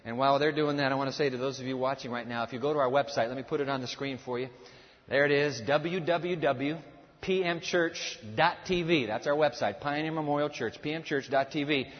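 A man preaching a sermon to a large congregation, swinging from loud exclamations to hushed, low asides. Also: fairly quick, long reverb tail, dull audio. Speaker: pastor. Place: large church with balcony.

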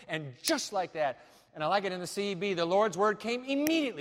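A man preaching a sermon as pastor, animated, swinging from loud declarations to hushed asides. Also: sits high, fast talker, long reverb tail.

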